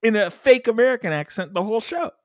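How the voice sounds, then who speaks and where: Animated, jokey man podcaster. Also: high-pitched, fast talker, no echo, studio quality. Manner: jokey, self-mocking storyteller. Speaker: podcast co-host. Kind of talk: casual podcast chat and storytelling.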